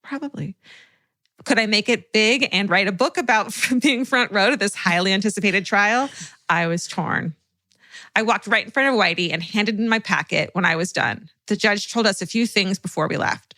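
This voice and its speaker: Woman, podcast co-host, reads listener letters, animated, bright tone, mid pitch. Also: normal speed, no room sound. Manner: animated storyteller, swears freely, laughs often. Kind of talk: reading listener stories aloud, casual chat.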